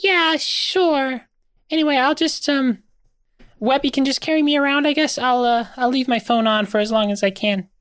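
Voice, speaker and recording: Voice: sits high, moderate pace, fairly bright tone, smooth, no echo, clean studio sound, voice pushed up. A player voicing a small woman shrunk into a wallet, talking hesitantly with lots of fillers. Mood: bemused.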